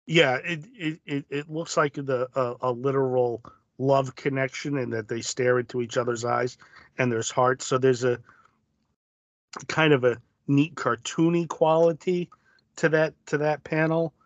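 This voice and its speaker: A man co-hosting a podcast in relaxed, thoughtful casual chat. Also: mid-range voice, a little slow, dry recording, lo-fi sound. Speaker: podcast co-host.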